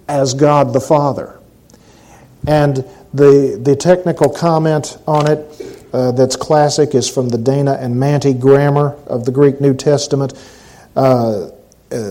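A man preaching a sermon, emphatic and deliberate, repeating key phrases slowly for stress and at times dropping to a hushed delivery. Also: medium pitch, rough recording.

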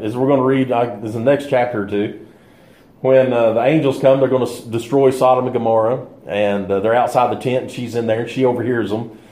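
A man's voice: mid-range voice, a little mellow. A man teaching a bible study in a conversational way, thinking aloud with fillers and restarts. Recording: echoey room.

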